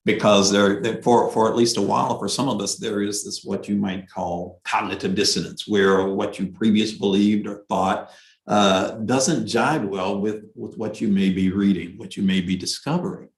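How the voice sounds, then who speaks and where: A man's voice: lowish voice, fairly even intonation, normal speed. A man reading religious passages aloud and repeating them with emphasis, then commenting on them. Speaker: speaker at a Bahá'í devotional. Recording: echoey room.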